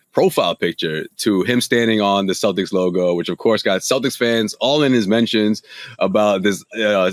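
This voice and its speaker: A man's voice: fairly low pitch, dry recording. Conversational man hosting a sports podcast. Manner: hesitant, conversational, many restarts. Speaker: podcast host. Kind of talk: casual sports chat.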